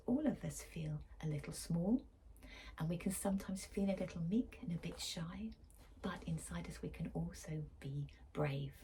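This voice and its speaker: A woman teacher reading a picture book aloud to children, often whispering and pausing to ask the listeners questions. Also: on the low side, warm tone, a little hiss or hum.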